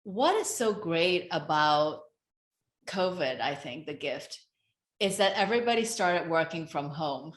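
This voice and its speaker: A woman speaking as a guest on a talk show, slow, earnest and reflective as she shares advice. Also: sits low, animated. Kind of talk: reflective self-help talk. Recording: roomy echo.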